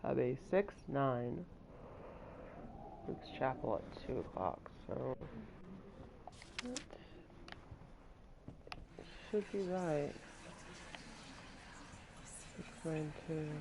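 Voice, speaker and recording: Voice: medium pitch, animated, drawn-out words, gravelly, pauses often, background noise. A gamer giving casual commentary while solving puzzles, muttering with wry asides. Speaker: let's play gamer.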